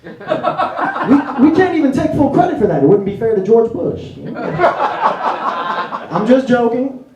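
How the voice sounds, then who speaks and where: A young stand-up comedian from New talks with a lively, swooping pitch. He tags his lines with "you know?" and slips into quoted voices. He is heard from a distance in an echoey little club, with the crowd laughing loudly. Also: brisk, dull audio. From New York City. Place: small indie comedy club, indoors. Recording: roomy club audio from a distance with audience laughter.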